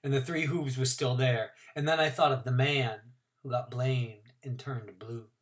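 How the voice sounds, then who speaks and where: A male teacher reading a novel aloud to his class in an expressive first-person narration with varied pacing. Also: mid-range voice, unhurried.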